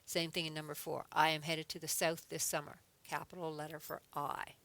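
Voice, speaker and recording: A woman's voice: low-pitched, level tone, brisk, fairly bright tone. A woman teaching an adult English class, patiently explaining grammar step by step with examples and checking in with a frequent "okay.". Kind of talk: recorded adult English lesson.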